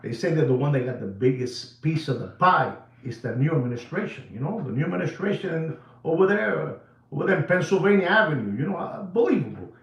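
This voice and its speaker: Man, excitable, repetitive, mixes languages, fairly high voice, roomy echo. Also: a little fast, far from the mic, highs cut off. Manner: excitable, switches between English and Spanish, repeats himself; drops to a low serious tone. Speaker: watch channel host. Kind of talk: animated casual monologue.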